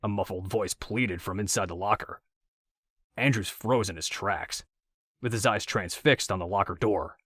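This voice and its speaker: Low-voiced male audiobook narrator. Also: husky, no echo, clean studio sound. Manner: steady, measured reading.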